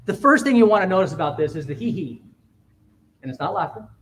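High-voiced emphatic male preacher. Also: expressive, slight background noise. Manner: emphatic, swings between loud and quiet, quick asides. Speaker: pastor. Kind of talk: sermon. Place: church.

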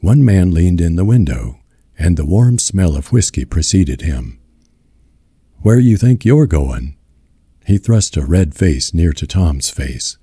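Deep male narrator, very dark, husky, slow measured audiobook reading, lively inflection. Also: dry recording, studio quality. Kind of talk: scripted narration.

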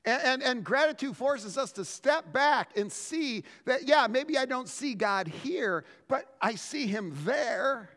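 A man preaching a sermon as pastor, telling stories in an animated way and often restarting his words. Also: very high voice, slow, few pauses, big-room sound. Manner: animated storytelling with frequent word restarts.

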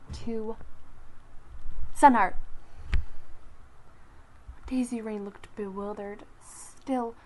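A young woman telling an animal story, reading slowly and haltingly with restarts and soft whispered asides. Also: on the high side, a little hiss or hum, low-quality recording. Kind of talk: story narration.

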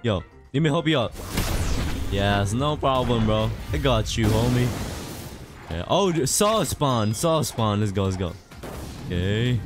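Excitable young gamer guy, lively pitch. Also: measured pace, long pauses, music in the background. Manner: excitable, laughing, repeats short phrases. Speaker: gaming youtuber. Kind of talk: casual gameplay commentary.

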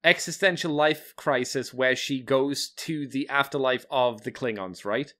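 A man's voice: medium pitch, unhurried, a bit bright. A man co-hosting a fan podcast in casual chat, blunt and sardonic, with the odd swear word. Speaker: podcast co-host.

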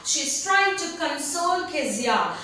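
A woman teaching a story lesson to students, patient and repetitive, pausing to have them underline words. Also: high-pitched, very animated, pushed and bright, far from the mic. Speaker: English teacher. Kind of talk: online class lesson explaining a story. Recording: very echoey room, away from mic, faint noise.

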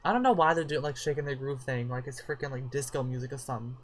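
A gameplay commentator delivers casual let's-play commentary in a medium-pitched, fast voice, sassy and profane as they scold the characters on screen.

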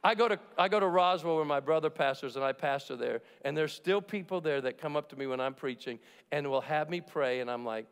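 A man with a high voice preaching a sermon in a large church. He talks emphatically and jokes along the way, slipping into the voices of the people he quotes. His words ring out with a long reverb through the hall. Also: fairly quick, hardly any pauses, clear, resonant tone. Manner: emphatic and jokey, acts out quotes. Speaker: pastor.

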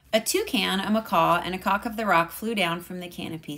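A woman teacher reading a picture book aloud to a class in a calm, measured way. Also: on the low side.

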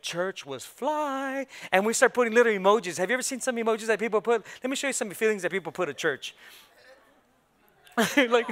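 High bright voiced pastor guy, jokey and lively, doing little voices of the congregation in church. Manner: animated, playful, acts out congregation reactions. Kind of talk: sermon. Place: church sanctuary.

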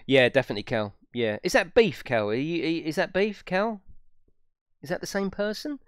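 Chatty streamer, lively voice. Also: male voice, on the high side, a little fast, clear, resonant tone, dry recording, studio quality. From United Kingdom. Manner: chatty, swears freely, laughs often, reads chat aloud. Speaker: gaming streamer. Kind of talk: casual live-stream chat.

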